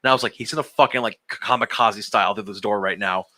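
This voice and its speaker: A man's voice: fairly low pitch, fast talker, bright, forceful tone. A young man, a podcast co-host, telling a long story in casual group chat, swearing and laughing as he goes.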